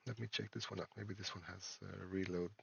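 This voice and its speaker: A man, an indie game developer and a father, talks through his game in a casual devlog, halting and full of fillers and restarts. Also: sits low, steady tone, gravelly, breathy edge, lo-fi sound. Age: adult, a parent. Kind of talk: casual screen-recorded devlog.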